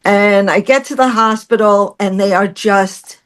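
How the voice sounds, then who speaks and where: A middle-aged woman guest telling a personal story in conversation, animated, acting out what others said and laughing through hard parts. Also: medium pitch, unhurried. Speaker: podcast guest.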